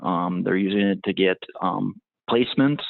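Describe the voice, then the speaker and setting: A man's voice: low-pitched, moderate pace, creaky, no echo. A man giving business interview answers in a hesitant way, with many ums and restarts. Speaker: tire brand motorsport marketing guest. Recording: tinny phone-like line, dry.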